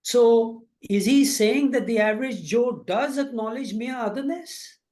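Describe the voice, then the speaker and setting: Male student, halting and searching for words, pushing a question to the teacher. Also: very high voice, a little mellow. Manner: hesitant, many fillers and restarts, pressing a question. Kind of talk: asking questions in class.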